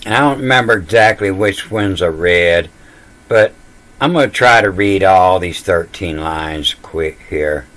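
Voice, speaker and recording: Slow deep-voiced man explaining letters. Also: a bit bright. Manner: spells out letters one by one, confident and dismissive. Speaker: self-taught scripture reader. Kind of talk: casual explanatory lecture.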